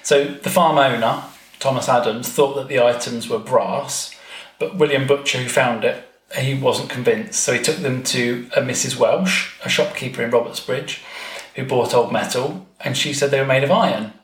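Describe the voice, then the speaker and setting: A guest author on a podcast tells a family-history story in a chatty manner, full of ums and wry asides. His voice is medium-pitched and his pace normal, and the recording has a roomy echo.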